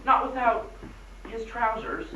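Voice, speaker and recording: A woman's voice: on the high side, fairly even intonation, a little slow, bright, forceful tone, slight background noise. An actress playing an urgent, anxious young woman pleading a case in an old film. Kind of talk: 1940s film acting. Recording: echoey, distant, dull old film soundtrack.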